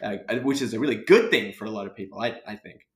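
A man's voice: on the low side, animated, fast, a crowd in the background. A man with an Australian accent hosting a podcast, chatting casually with dry, playful teasing. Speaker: podcast host. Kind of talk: casual conversation. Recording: roomy echo.

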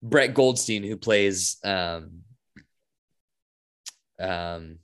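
A man's voice: low-pitched, drawn-out words, a bit bright. A young man co-hosting a podcast, chatting casually and enthusiastically with lots of fillers. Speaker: podcast co-host. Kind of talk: casual chat.

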